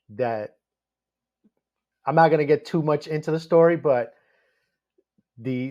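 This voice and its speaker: A man chatting casually in an interview, excitable and laughing often, with many fillers. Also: mid-range voice. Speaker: guest researcher. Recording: dull lo-fi sound.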